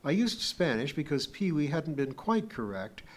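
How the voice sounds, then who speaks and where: A man reading an audiobook novel aloud in a measured, plain storytelling manner. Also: a little high, sing-song. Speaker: audiobook reader. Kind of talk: scripted narration.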